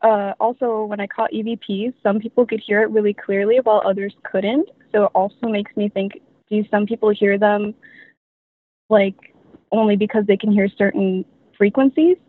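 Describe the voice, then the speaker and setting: A woman's voice: mid-range voice, steady tone, moderate pace, no echo. Young female guest, casual rambling storyteller, tinny call audio. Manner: rambling, filler-heavy with many "like"s. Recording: tinny dry phone line.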